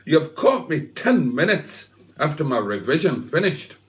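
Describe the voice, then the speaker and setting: A man's voice: a little high, sing-song, measured pace, fairly bright tone. A man reading out a viewer's chat message. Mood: breezy. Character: male chat viewer in a put-on Scottish-style accent.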